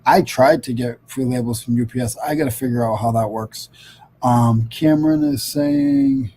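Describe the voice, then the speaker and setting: A man's voice: mid-range voice, steady tone, unhurried, warm tone, a little hiss or hum, low-quality recording. A middle-aged man from Rhode Island hosting a casual livestream chat over a video call, rambling with lots of fillers and restarts. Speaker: host.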